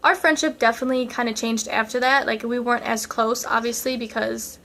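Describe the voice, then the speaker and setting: A woman's voice: on the high side, fairly even intonation, brisk, sharp tone, slight background noise. A young woman vlogger telling a dramatic storytime in a chatty style, full of fillers. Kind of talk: casual storytime.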